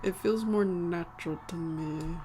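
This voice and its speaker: Speaking unhurriedly in a lowish voice over a noisy background and faint music, a woman with a slight American country accent talks casually to her live-stream audience. She rambles, chuckles, and corrects herself along the way.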